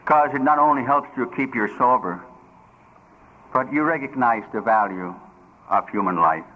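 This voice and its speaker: Older man telling a lively, dull lo-fi story. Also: medium pitch, normal speed. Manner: humorous storytelling with plain, broken grammar. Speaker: recovery speaker. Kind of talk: personal story at a recovery meeting. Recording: dull lo-fi recording with faint noise.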